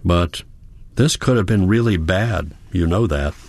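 Man doing a female caregiver, brisk, kindly, matter-of-fact, audiobook. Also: low-pitched, darkish tone. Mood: firm.

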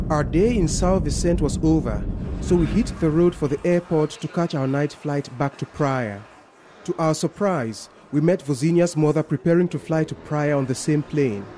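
A male reporter narrating a scripted news feature in a measured storytelling manner. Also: fairly high pitch, dark tone, a little hiss or hum.

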